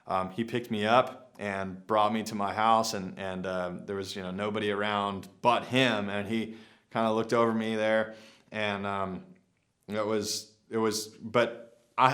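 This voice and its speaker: Young male vlogger, lowish voice, loose rambling delivery full of fillers. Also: fairly bright tone. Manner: rambling, many "like" fillers and restarts. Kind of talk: casual storytelling.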